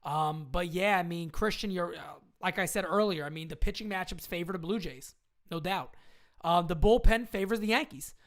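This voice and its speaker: A woman's voice: fairly low pitch, normal speed. A woman hosting a casual live stream chat, talking in slangy, emphatic bursts, repeating her points and answering viewer questions. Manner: slangy fan talk, occasional swearing.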